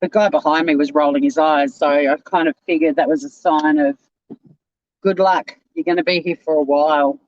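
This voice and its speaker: A woman's voice: low-pitched, fairly even intonation, moderate pace, darkish tone, no echo, dull audio. A woman vlogging from inside her car, ranting in exasperation and swearing freely. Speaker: YouTuber. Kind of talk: casual vlog rant.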